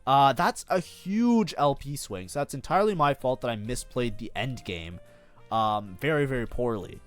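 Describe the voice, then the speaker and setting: Soft background music plays as a man with a mid-range voice and lively intonation, at a normal pace, reviews his match on stream. Self-critical and constantly talking, he swears openly and bursts out in frustration at his own mistakes in this casual gameplay commentary.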